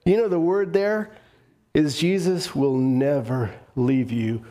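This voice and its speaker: High-voiced emphatic male preacher. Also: fairly even intonation, slow pace, dark tone. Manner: emphatic and repetitive, acts out the voices of reluctant believers; leads the congregation in call-and-response. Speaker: pastor. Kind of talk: sermon.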